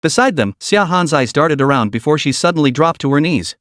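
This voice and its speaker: A man's voice: a little high, brisk, no room sound, studio quality. A man narrating a dramatic story recap in a scripted reading voice. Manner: lively storytelling, reads all characters' lines himself.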